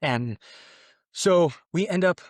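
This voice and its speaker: Slow but lively in intonation, a man from Mexico shares his personal conversion testimony as a podcast guest, recorded studio-quality with no room sound. He rambles sincerely, often starting over, and re-enacts what he once exclaimed by raising his voice and pitch.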